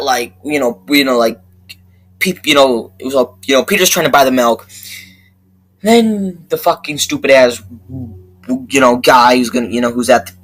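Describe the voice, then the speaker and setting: A man giving a rambling, profane movie review rant that keeps flaring up into loud outbursts. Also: medium pitch, poor audio.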